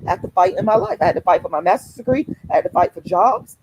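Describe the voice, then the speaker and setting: A woman's voice: medium pitch, huge pitch swings, fast, lo-fi sound, background noise. A woman hosting a casual livestream, talking fiercely and emphatically to her viewers, repeating phrases and swearing freely. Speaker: activist livestream host.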